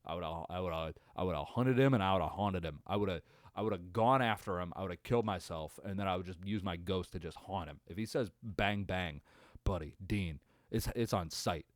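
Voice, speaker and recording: A man's voice: sits low, brisk, dry recording, clean studio sound. A man hosting a podcast, reacting to a game in a casual, profane, rambling rant full of exasperation. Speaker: podcast host.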